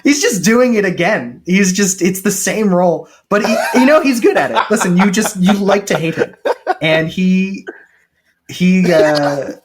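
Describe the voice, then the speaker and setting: A man co-hosting a casual podcast, retelling a film with jokes and quick paraphrased lines from its characters. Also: high-pitched, expressive. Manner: chatty, joking, quick paraphrased quotes. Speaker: podcast co-host recapping a film. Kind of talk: casual chat.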